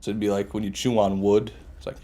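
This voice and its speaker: A man's voice: on the low side, little pitch movement, fast, dark tone. A young man streaming a game, ranting sarcastically and swearing as he answers chat. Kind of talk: casual live-stream commentary.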